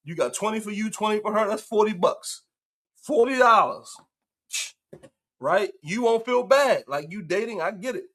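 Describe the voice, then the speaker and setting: A man's voice: high-pitched, animated, normal speed, a bit bright. A male host telling a story in casual commentary, acting out the quotes and laughing often.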